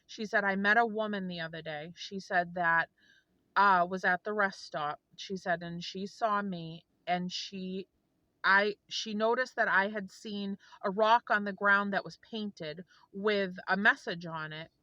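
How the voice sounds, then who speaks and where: Woman vlogger, earnest storyteller, bright and tense, dry close sound. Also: medium pitch, steady tone, unhurried, no echo, muffled recording. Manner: earnest, heartfelt, rambling with restarts. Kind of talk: casual storytelling to camera.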